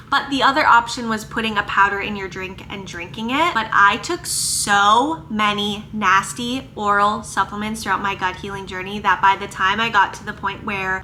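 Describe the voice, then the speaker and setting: A young woman from northern Minnesota, a chiropractor chatting casually to her vlog audience, animated and emphatic. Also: mid-range voice, slight background noise. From northern Minnesota, USA. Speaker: chiropractor and vlogger. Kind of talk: casual get-to-know-me chat.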